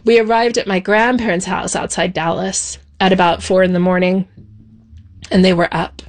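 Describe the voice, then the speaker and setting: A woman recounting her past in an interview. She speaks in a measured, reflective way, pausing softly between thoughts. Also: on the low side, steady tone. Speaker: interview guest. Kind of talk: personal recollection.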